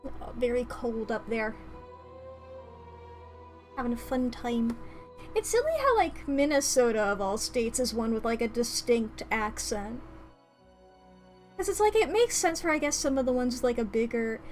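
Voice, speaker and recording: A woman's voice: on the high side, expressive, moderate pace, faint music behind. A woman streamer chatting casually during an ad break, rambling and giggling often, with playful slang.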